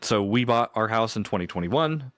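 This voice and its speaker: A man's voice: on the low side, animated, normal speed, a bit bright, dry recording, clean studio sound. A man co-hosting a podcast, telling stories in an easygoing, chatty way and laughing often. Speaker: podcast co-host. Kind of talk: casual chat.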